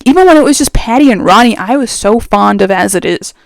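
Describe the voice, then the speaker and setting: A young adult trans man chatting casually as a vlogger, rambling and expressive, his voice going up and down, speaking very close to the mic. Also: high-pitched, a little fast, gravelly, dry recording. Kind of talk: casual chat.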